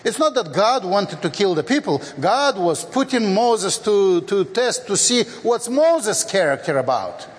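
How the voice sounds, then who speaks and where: Slow, high-voiced male preacher in a hall. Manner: retells scripture dialogue in lively acted voices; slow, deliberate delivery with frequent fillers. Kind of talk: sermon. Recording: long hall reverb.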